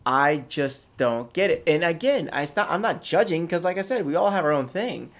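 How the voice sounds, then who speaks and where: A man's voice: on the high side, expressive, normal speed, fairly bright tone. A man co-hosting a casual chat, opinionated and rambling with lots of restarts. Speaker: podcast co-host.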